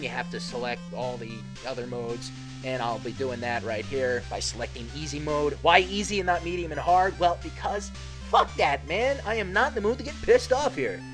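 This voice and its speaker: A man's voice: medium pitch, fairly bright tone. Sarcastic guy grumbling through a game, voice bouncing all over, little bit of game music under it. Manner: sarcastic, grumbling, swears freely. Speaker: gameplay commentator. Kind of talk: casual game commentary.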